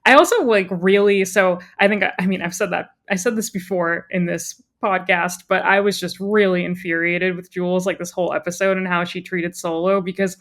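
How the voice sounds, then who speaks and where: A woman's voice: fairly low pitch, steady tone, moderate pace, few pauses, a bit bright. Wry woman podcast co-host. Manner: critical, wry. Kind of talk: casual chat.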